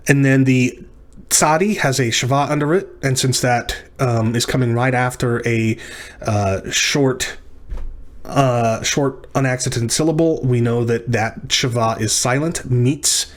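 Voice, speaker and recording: A man teaching a lecture on syllabification, working through words methodically and correcting himself as he goes. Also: mid-range voice. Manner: methodical, self-correcting explanations.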